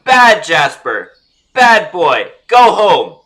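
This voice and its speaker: A man's voice: sits high, big pitch swings, extremely slow, sharp tone, voice pushed up, exaggerated voice. A man playing a fed-up adventurer who scolds a huge tiger like a naughty pet. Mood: scolding.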